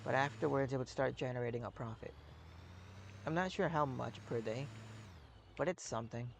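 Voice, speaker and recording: A young man streaming a farming game, rambling with deadpan jokes and a sore, scratchy throat. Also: mid-range voice, normal speed, vocal fry. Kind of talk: casual gameplay commentary.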